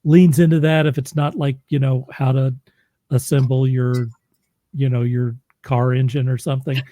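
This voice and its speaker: A man's voice: medium pitch, little pitch movement, moderate pace, mellow, dry recording. A man from Oklahoma, a podcast host and audiobook narrator, chatting casually and laughing easily. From Oklahoma, USA. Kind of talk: casual interview chat.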